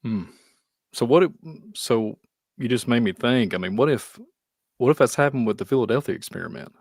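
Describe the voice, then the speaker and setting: A man with a Kentucky accent hosting a podcast, talking in a rambling, animated way with frequent laughs. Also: medium pitch, a little fast, no room sound, studio quality. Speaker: podcast host. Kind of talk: casual conversation.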